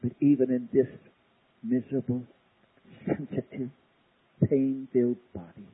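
A man preaching an impassioned sermon, swinging from hushed pleading to loud cries. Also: medium pitch, expressive, measured pace, long pauses, breathy edge. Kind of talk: sermon on tape. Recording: tinny lo-fi cassette tape.

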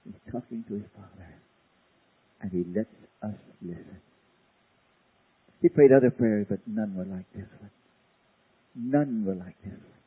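A man preaching an impassioned sermon, swinging from hushed pleading to loud cries. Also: lowish voice, measured pace, pauses often, slightly rough. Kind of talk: sermon on tape. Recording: tinny lo-fi cassette tape.

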